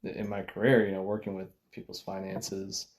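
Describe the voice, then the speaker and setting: Woman host with an extremely low voice. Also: flat delivery, normal speed, crowd noise. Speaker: podcast host. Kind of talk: casual conversation.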